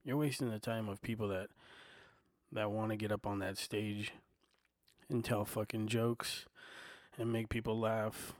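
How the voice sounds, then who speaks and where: A man with a fairly low voice rants into a desk microphone, swearing freely and dropping "you know" into nearly every sentence. He sounds heated but loose, like an unscripted solo podcast. The sound is close and dry, with no room echo. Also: fairly even intonation, unhurried, pauses often. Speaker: podcast host. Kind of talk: casual solo podcast rant. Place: home desk. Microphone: desktop microphone and recorder.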